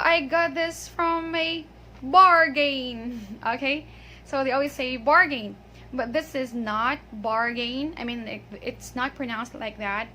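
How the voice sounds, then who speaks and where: A woman with a Filipino accent and a slightly high, pushed, bright voice teaches English pronunciation in a chatty, casual video lesson. She laughs often and says "okay" a lot, and there's a little hiss or hum.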